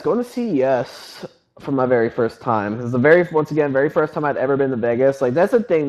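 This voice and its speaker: Young guy in his 20s hosting a podcast, rambly and hyped, lots of "like", kinda muffled lo-fi audio. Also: mid-range voice. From North Carolina, US. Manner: excited, rambling, many "like" and "freaking" fillers. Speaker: website founder and podcast host. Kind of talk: casual storytelling chat.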